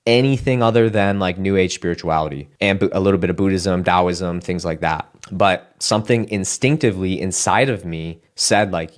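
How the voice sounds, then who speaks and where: Deep-voiced man telling an emotional testimony. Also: normal speed. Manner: earnest, emotional, many restarts and "like". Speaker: speaker sharing a personal testimony. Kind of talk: personal testimony, casual storytelling.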